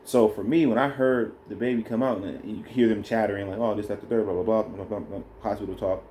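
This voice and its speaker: A man telling a birth story in a relaxed, rambling way, co-hosting a casual chat with his partner. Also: fairly low pitch, fast talker, a little hiss or hum. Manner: rambling, animated when retelling. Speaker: co-host, new father.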